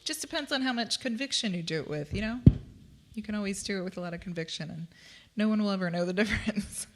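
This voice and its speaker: A woman's voice: mid-range voice, quick pace, faint music behind. A woman teaching ukulele in a live-streamed lesson, chatty and self-deprecating, often laughing between explanations. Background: her own ukulele playing.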